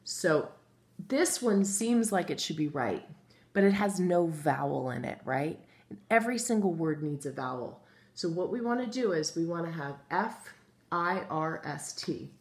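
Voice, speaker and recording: A woman with a lowish, creaky voice teaches first grade phonics in a recorded remote lesson. Her manner is patient and encouraging. She writes on a board as she talks, spelling each word out letter by letter.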